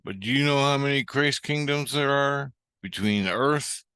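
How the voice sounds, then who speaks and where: A man's voice: medium pitch, measured pace, pushed and bright, clear, resonant tone, dry recording, studio quality. A man vlogging about his dreams in a rambling, heavily profane, casual storytelling monologue.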